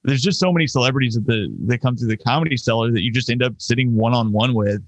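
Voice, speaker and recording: A man's voice: mid-range voice, quick pace, dry recording. A stand-up comedian in his thirties from Indiana, rambling through stories in casual podcast chat. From Indiana, United States. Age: 30s. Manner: rambling storyteller, acts out quotes.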